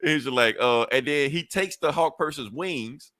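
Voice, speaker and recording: A man's voice: fairly high pitch, measured pace, fairly bright tone, dry recording, clean studio sound. A man casually recapping a comic book on a podcast, swearing freely and acting out the characters' lines. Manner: loose and profane, acts out characters' lines with laughs. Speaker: podcast co-host reviewing comics.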